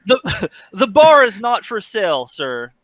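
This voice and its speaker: A man's voice: sits high, very animated, a little slow, fairly bright tone, dry recording. A man playing a tabletop game, talking in an easygoing, amused way with frequent laughs. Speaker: player. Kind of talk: casual tabletop play.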